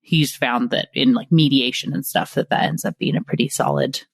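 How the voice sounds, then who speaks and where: A podcast host talking in a relaxed way, sharing references and building on the guest's points. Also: mid-range voice, normal speed, gravelly, breathy edge, no room sound, clean studio sound. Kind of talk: casual interview chat.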